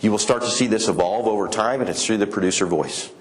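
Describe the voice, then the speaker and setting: Animated man giving a conference talk. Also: fast. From Colorado, USA. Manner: animated storyteller, acts out quoted customers with raised pitch. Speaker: conference speaker. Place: conference hall.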